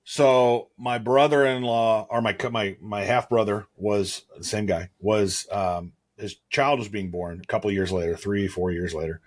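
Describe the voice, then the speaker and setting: A man co-hosting a podcast, telling a story in an animated way and laughing into his lines. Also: fairly low pitch, moderate pace, few pauses. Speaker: podcast co-host. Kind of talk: casual chat.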